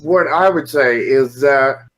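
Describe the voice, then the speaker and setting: A man's voice: medium pitch, slow, fairly bright tone, low-quality recording. A man in casual podcast chat, opinionated and explaining his view at length with many "you know"s.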